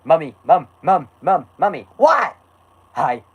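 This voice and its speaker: A reader putting on the voice of a whiny, nerdy cartoon boy, pitched high. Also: expressive, a little slow.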